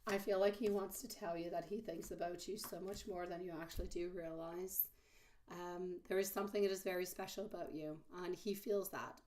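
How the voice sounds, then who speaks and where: A woman with a husky voice, hoarse from a mild cold, giving a live-stream tarot reading and calling her viewers sweetie and my love. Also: on the low side, darkish tone. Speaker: tarot reader.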